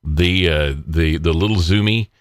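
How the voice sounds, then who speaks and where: Recorded at studio quality without echo, a low-pitched man talking at a measured pace hosts his own political podcast alone, rambling casually with frequent fillers, restarts, and chuckles.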